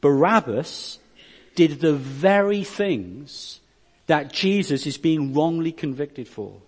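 A man with a husky, slightly mellow voice on the high side preaches slowly and expressively. He reads verses of scripture aloud and explains them, building and softening his force in a hall with long reverb.

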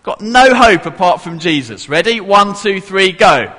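A man's voice: sits high, animated, a little slow, long reverb tail, background noise. A man giving an interactive children's Bible talk to a congregation in church, playful and coaxing everyone to join in.

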